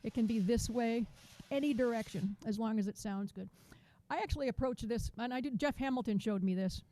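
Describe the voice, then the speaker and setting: A woman teaching a drum masterclass over a video call, chatty and counting beats out loud. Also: fairly high pitch, a little fast. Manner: chatty, restarts sentences, counts beats aloud.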